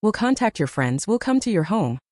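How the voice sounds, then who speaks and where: A woman's voice: medium pitch, very animated, fairly quick, a little mellow, no room sound, clean studio sound, pitched above the performer's own voice. A woman voicing an entitled, pushy mother who speaks harshly with a hardening tone. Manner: hissing, hardening.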